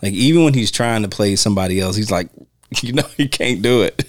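A man's voice: fairly low pitch, fairly quick, no echo, studio quality. A man hosting a podcast, chatting casually about films in an easygoing way, often laughing and groping for names. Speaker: podcast host. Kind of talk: casual film commentary chat.

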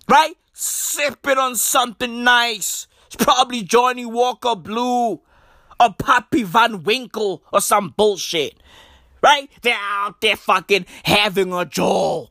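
A young man with delivering a profane, animated comedic rant full of mocking asides and put-on voices. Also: very high-pitched, gravelly, no room sound, clean studio sound. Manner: animated, profane slang-heavy ranting with mock impressions. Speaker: comedic commentator.

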